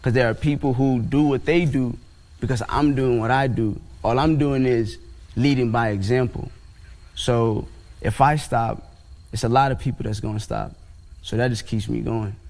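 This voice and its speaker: A man, a musician guest on a TV morning show, talking in a relaxed, slangy, plainspoken way. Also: medium pitch, moderate pace. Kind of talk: casual TV interview talk.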